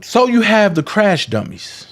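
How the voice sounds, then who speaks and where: A man's voice: high-pitched, big pitch swings, unhurried. A man giving confrontational, profane commentary, calling people out in a heated rant. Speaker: commentary vlogger.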